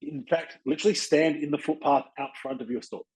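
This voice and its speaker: An Australian man hosting a podcast, giving casual, blunt coaching advice and acting out quick exchanges with people. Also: fairly high pitch, darkish tone, rough recording. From Western Australia. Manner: blunt, chatty, acts out little dialogues with people. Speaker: podcast host and chiropractic practice coach.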